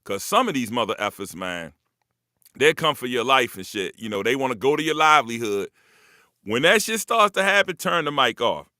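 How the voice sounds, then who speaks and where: A man's voice: mid-range voice, very animated, moderate pace, bright, forceful tone, dry recording, studio quality. Profane, rambling man hosting a live talk. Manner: loose, profane, rambling, streetwise. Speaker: host. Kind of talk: casual monologue to a live audience.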